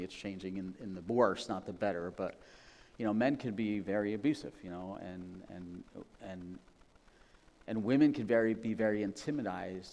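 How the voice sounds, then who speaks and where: A man's voice: lowish voice, darkish tone, big-room sound. A man preaching a sermon as pastor, in a conversational, emphatic way that often checks in with "right?". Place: church sanctuary.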